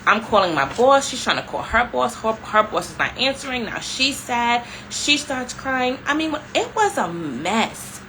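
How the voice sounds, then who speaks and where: A young adult woman telling a story to her viewers in a casual, animated way, filling her talk with "like" and calling them y'all. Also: on the high side, measured pace, few pauses, slight background noise, low-quality recording. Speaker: vlogger.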